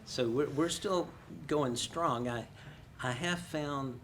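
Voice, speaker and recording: A man's voice: medium pitch, takes it slowly, fairly bright tone, a little hiss or hum. An older American man speaking as guest in a career conversation, telling stories with self-deprecating humor. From United States.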